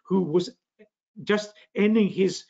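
A man's voice: sits high, takes it slowly, warm tone, dull audio. An older man with a northeast Scottish accent giving a public science lecture, genial, with frequent fillers and restarts. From Scotland. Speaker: physics lecturer.

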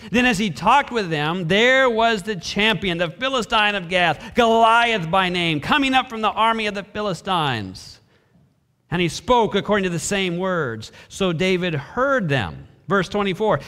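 High-voiced, bright preaching man. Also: unhurried. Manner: expressive preaching, acts out brief voices of biblical characters. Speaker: pastor. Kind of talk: sermon. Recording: reverberant hall.

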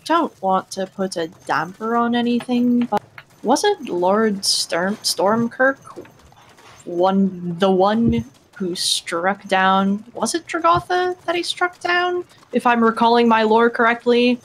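A woman speaking in character during a tabletop game, measured and deliberate. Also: fairly high pitch, a little hiss or hum, rough recording. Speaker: player.

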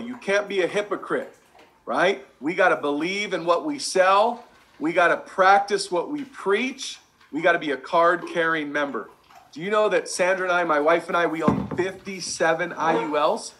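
A man giving an energetic sales training talk over slides, emphatic and repeating his key lines. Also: fairly high pitch, normal speed.

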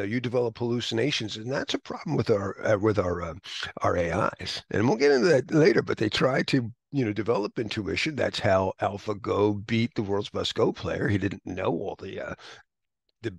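A man's voice: mid-range voice, vocal fry, breathy edge, dry recording. A man teaching an exam prep class in a chatty, anecdotal lecture style, often laughing.

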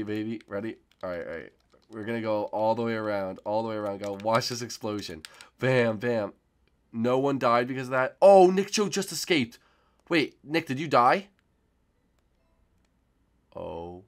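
A man hosting a gaming channel, commentating Minecraft gameplay with friends, swinging from low muttering to panicked screams. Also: a bit bright.

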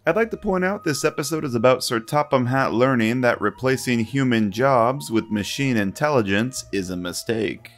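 A man hosting a video essay, talking through his opinions of a children's TV series in a relaxed, conversational way. His voice sits in the middle of the range and moves up and down a lot, with faint music under it. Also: mid-range voice, moderate pace, few pauses.

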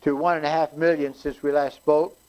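Man doing a calm, formal president. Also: a little high, fairly quick, lightly acted, rough recording.

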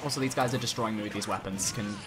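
A young man giving animated let's-play commentary, exclaiming and swinging between excitement and exasperation. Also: lowish voice, fast. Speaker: gaming YouTuber. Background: game music.

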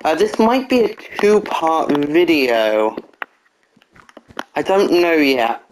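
A casual walkthrough narrator at a middle pitch, calmly explaining a block-by-block build. The voice counts pieces aloud and patiently fixes its own slips. A faint hiss sits under the recording. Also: takes it slowly, rough recording. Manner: methodical step-by-step instructions, counting blocks aloud, frequent "uh"; apologetic, corrects own slips.

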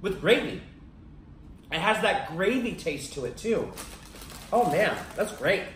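A woman reviewing snacks in a casual, excitable unboxing vlog, chatting at home. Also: lowish voice, unhurried, distant mic, a little hiss or hum. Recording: echoey home room.

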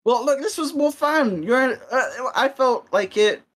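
A man's voice: very high-pitched, lively intonation, a little slow, a bit bright. A man chatting casually during a game stream, teasing and playful, often fumbling for the right word. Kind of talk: casual gaming chat.

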